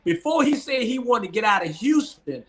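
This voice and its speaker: A man's voice: extremely high pitch, big pitch swings, normal speed, a crowd in the background. A man co-hosting a sports talk show on a video call, arguing emphatically and repeating his points. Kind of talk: heated sports debate.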